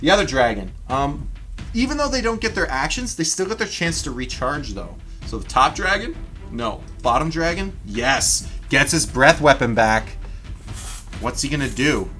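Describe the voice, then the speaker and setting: Soft music plays behind a man who narrates a tabletop battle as game master on a livestream. He speaks at a moderate pace and medium pitch, animated and chatty, directly to viewers.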